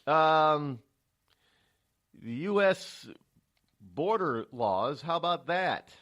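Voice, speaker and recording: A man's voice: a little high, lively intonation, very slow, fairly bright tone. Rambling male talk radio host. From United States. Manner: rambling, repeats words, indignant asides. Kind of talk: solo political commentary.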